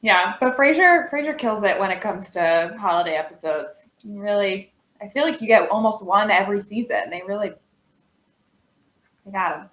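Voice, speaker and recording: A woman co-hosting a casual TV recommendation chat, relaxed and conversational with some fillers. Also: mid-range voice, moderate pace. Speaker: co-host. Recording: echoey room.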